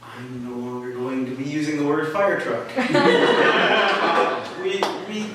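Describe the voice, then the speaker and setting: A man telling a comic personal story at a live story slam, halting and full of fillers, with a wry, self-mocking manner. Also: fairly high pitch. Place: small live venue with an audience. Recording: echoey room, mic far off, faint hiss.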